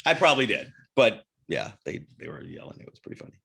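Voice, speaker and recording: A man with a lowish voice that swings widely in pitch, telling a long, crude story in a casual podcast chat. He keeps restarting his sentences. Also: big pitch swings, fast, gravelly, pushed and bright, slightly rough. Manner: rambling, self-interrupting storyteller with crude humor. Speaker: podcast co-host.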